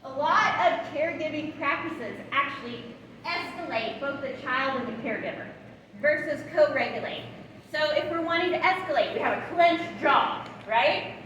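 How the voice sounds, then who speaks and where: A woman in her thirties giving a lively parenting training talk to caregivers, often checking in with the room. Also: high-pitched, normal speed. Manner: animated, checks in with the audience often. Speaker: parenting educator. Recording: echoey hall, voice from far off, background noise.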